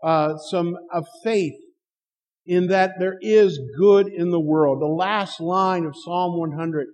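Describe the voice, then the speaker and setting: A middle-aged pastor with a high, steady, darkish voice preaches slowly, telling stories and acting out the dialogue with chuckles. His words ring with a long hall reverb.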